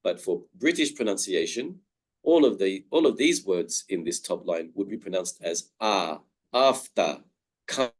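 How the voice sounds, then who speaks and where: A man presenting an online pronunciation lesson, stretching out each example word with care. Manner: drawn-out example words with lively pitch. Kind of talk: slow, careful pronunciation lesson.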